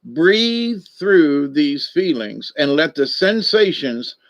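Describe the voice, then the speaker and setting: A man reading oracle cards and telling the story that goes with them, wandering off into asides and filling gaps with ums. He talks slowly and easily, in a somewhat high voice. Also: animated. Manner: rambling, unhurried, with many fillers. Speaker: card reader. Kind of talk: casual storytelling and card reading.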